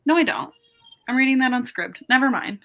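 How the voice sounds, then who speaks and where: A woman's voice: sits high, lively intonation, a little fast, a bit bright, lo-fi sound. A young woman hosting a casual reading stream over a video call, chatty and self-deprecating, often laughing. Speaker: host of a reading sprint stream. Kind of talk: casual chat.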